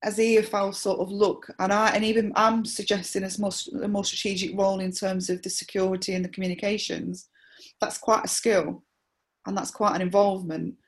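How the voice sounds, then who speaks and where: A woman, a supporter liaison officer, explaining her views in a measured interview with frequent restarts. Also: mid-range voice, level tone. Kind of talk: conversational interview.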